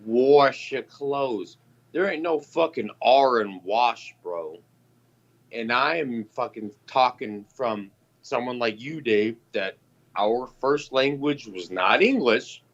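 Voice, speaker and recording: A man in casual chat, telling stories in a profane, animated way. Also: medium pitch, dull audio.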